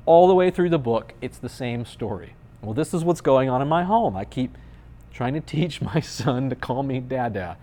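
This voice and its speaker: A man's voice: mid-range voice, expressive, moderate pace, dark tone. A man in his thirties, a pastor giving a conversational sermon with playful, dry humor.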